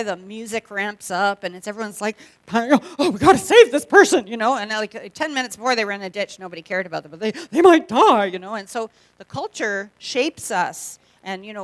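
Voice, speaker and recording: A woman's voice: mid-range voice, fairly bright tone, no room sound. A middle-aged Canadian woman, a guest speaker giving a humorous testimony talk in a church, chatty and joking, acting out quoted voices.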